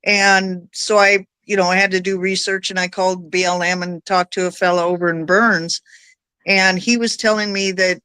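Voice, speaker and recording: Woman guest, chatty and anecdotal, bright forceful tone, dry close sound. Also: fairly low pitch, steady tone, moderate pace, clear, resonant tone, no echo. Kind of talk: casual chat.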